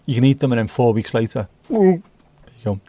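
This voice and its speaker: A man's voice: mid-range voice, animated, a little fast, warm tone, dry recording. A middle-aged man, hosting a livestream and rambling casually while reading out viewer comments. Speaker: livestream host. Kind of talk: casual chat.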